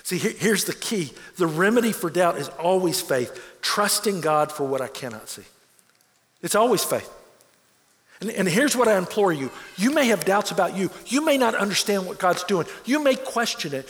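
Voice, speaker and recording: A man's voice: sits high, animated, normal speed, a bit bright, in a large hall. A man preaching a sermon as a pastor, earnest, repeating words as he presses his points.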